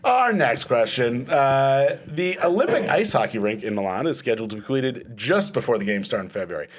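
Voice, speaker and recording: A man's voice: mid-range voice, expressive, brisk. A man hosting a comedy panel quiz, chatty and rambling, laughing through his lines. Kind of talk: casual comedic panel chat.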